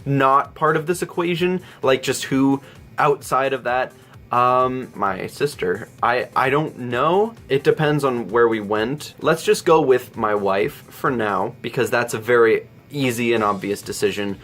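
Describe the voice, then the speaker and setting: Young man, mid-pitch, playful self-mocking vlog Q&A host. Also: unhurried, fairly bright tone, faint music behind. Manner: joking, self-deprecating. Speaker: YouTuber answering viewer questions. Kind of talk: casual Q&A vlog.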